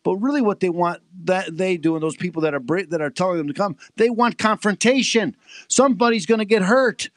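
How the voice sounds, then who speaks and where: Male radio co-host, halting, restarts sentences, slightly high voice, dry sound. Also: no echo. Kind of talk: casual radio talk.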